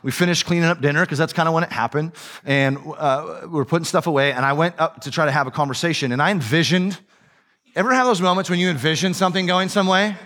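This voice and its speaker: A man's voice: fairly high pitch, quick pace, sharp tone. A man preaching as a pastor, with a conversational, storytelling manner that often checks in with "right?" and "okay?". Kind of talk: sermon.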